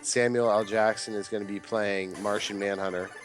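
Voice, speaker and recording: A young man streaming a game, chatting casually and quoting people in a lively raised voice. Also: on the low side, normal speed, soft background music. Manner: animated storyteller, quotes others in raised voice. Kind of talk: casual chat while gaming live.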